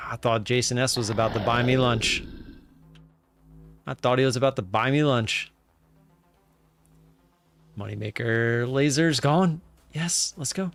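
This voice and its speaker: A man hosting a live stream in casual chatter, who breaks into loud cheering now and then. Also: mid-range voice.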